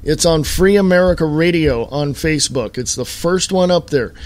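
Emphatic man hosting a talk-radio podcast. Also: fairly high pitch. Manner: emphatic, repetitive, slowed stress on key words. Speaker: podcast host.

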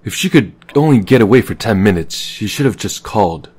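A man's voice: fairly low pitch, expressive, brisk, darkish tone, breathy edge. Man playing a kind, easygoing young man. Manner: friendly, natural.

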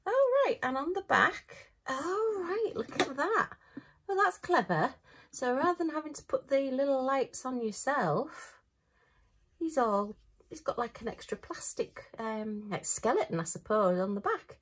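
A woman, chatting casually as she unboxes a craft kit. She thinks aloud and breaks into bright little exclamations. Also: sits high, animated, unhurried, background noise. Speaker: craft vlogger.

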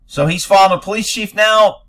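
A man's voice: high-pitched, steady tone, fairly quick, bright, forceful tone. A man giving blunt, sarcastic, profane commentary while reacting to news footage.

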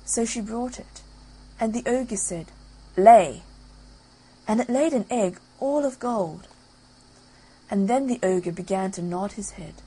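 A woman narrating a bedtime fairy tale audiobook, lively and storytelling. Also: mid-range voice, vocal fry, husky, low-quality recording. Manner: lively storytelling with loud sound effects.

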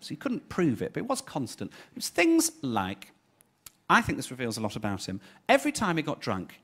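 A man's voice: a little high, bright, forceful tone. A man performing a stand-up comedy set on a theatre stage, chatty and camp, punching his lines with voiced impressions. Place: theatre stage before a laughing audience. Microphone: stage microphone. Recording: live show with clear audience laughter.

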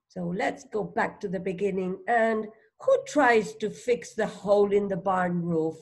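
A woman reading a phonics storybook aloud as a teacher, slowly sounding out words, asking questions and praising a child. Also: medium pitch, vocal fry. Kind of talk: slow read-aloud lesson for a child.

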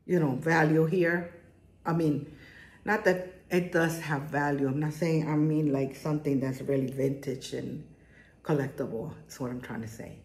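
A woman's voice: deep voice, a little mellow. A middle-aged woman with a strong accent, chatting casually and enthusiastically as she shows jewelry in her home garage. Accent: strong non-native accent. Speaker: jewelry vlogger. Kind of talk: casual haul vlog. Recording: echoey room, faint noise.

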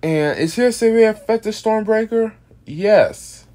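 Here the creator of an original monster character walks through a casual explainer while exhausted and yawning. The voice is mid-range, expressive, a bit slow and mellow, with plenty of rambling, restarts, and casual profanity.

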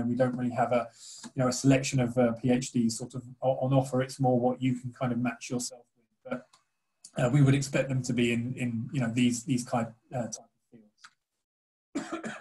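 A man's voice: mid-range voice, a little mellow. A man presenting university admissions information on a video call, with many fillers and repeated words.

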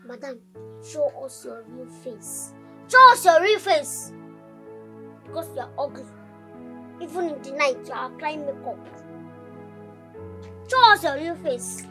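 An actor playing a playful young Nigerian man who mocks and teases loudly in a film drama. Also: very high-pitched, moderate pace, faint music behind. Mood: mocking. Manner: loud, teasing and excitable. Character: playful young man Cheta, mocking his stepmother.

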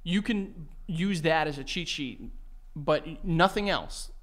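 A man's voice: fairly high pitch, slow, fairly bright tone. A man co-hosting a podcast, chatting casually and loosely, swearing and restarting his sentences a lot. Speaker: podcast co-host. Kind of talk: casual chat.

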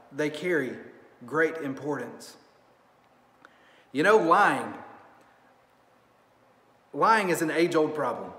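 A man's voice: on the high side, fairly bright tone. A man in his thirties preaching a sermon as pastor, talking in a conversational way with frequent restarts and asides. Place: church sanctuary. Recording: echoey church hall.

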